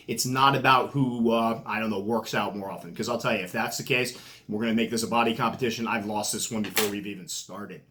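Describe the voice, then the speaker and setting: A man's voice: mid-range voice, a bit bright. Joking New England man talking to camera. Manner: joking, self-mocking trash talk. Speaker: tarantula keeper and channel host. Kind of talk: casual vlog talk to camera, mock fight interview.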